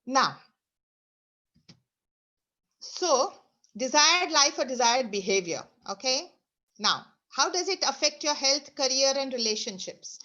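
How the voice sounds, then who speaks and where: Woman running an online workshop, high voice, muffled call audio, lots of step by step instructions. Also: sing-song, slow, pauses often, bright, forceful tone. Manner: instructive, leads exercises with repeated commands. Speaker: speaker leading an online session. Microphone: video call.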